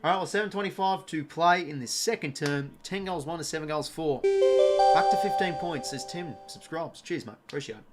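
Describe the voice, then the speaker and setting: Young Australian man, slightly high voice, live watch-along caller, excitable and sweary. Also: fairly quick, loud music behind the voice. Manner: excitable, shouts at big moments, swears; chatty asides and thanks to viewers. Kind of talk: live fan commentary.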